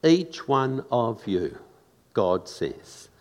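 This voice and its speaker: Male preacher, slow deliberate delivery, earnest conversational sermon, reverberant church hall. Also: medium pitch, very animated, darkish tone.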